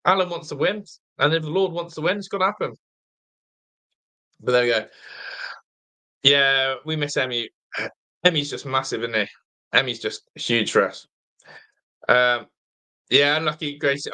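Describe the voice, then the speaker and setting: Bright-voiced tired English fan host. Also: male voice, mid-range voice, normal speed, pauses often. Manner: chatty, reads out viewer comments, swears mildly. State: tired, half asleep. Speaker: watch-along host. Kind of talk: live fan watch-along commentary.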